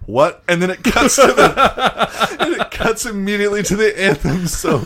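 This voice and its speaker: Higher-voiced man telling funny stories. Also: moderate pace. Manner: storytelling, laughing, animated retelling. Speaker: podcast co-host. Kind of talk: casual chat.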